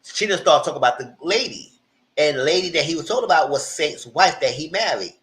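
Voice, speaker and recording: A man casually recapping TV episodes in a live review, retelling scenes with lively acted-out lines from the characters. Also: a little high, brisk. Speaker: TV show reviewer.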